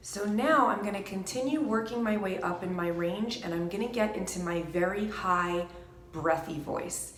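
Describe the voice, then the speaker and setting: A woman vocal coach calmly explaining a gentle singing warmup, stopping to sing short demonstration syllables. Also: medium pitch, moderate pace, a little hiss or hum. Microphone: microphone. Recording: echoey room with piano.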